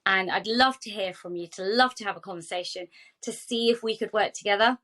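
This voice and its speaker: A woman's voice: medium pitch, brisk. A woman speaks as a podcast guest about her charity work. She tells her stories with feeling and slips into other people's voices as she quotes them. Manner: animated, heartfelt storytelling with quoted dialogue. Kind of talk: podcast interview.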